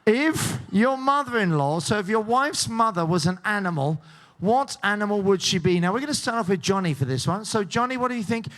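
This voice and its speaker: A man's voice: sits high, animated, fairly quick, fairly bright tone. A man hosting a game show, joking and teasing the contestants and laughing often. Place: cruise ship show lounge.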